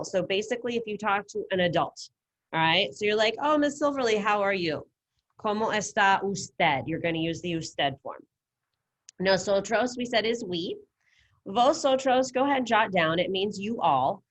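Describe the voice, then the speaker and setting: A woman teaching a Spanish class over a video call, patient and encouraging as she explains step by step. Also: mid-range voice. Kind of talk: online class lesson. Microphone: computer mic on video call.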